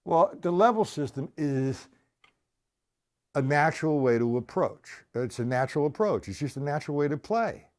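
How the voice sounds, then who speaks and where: A man teaching drum technique on a live stream. His pitch swings up and down as he talks, animated and chatty. He repeats himself and keeps asking whether his viewers are following. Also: moderate pace. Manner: animated, conversational, repeats points, checks in with viewers. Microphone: live stream camera mic.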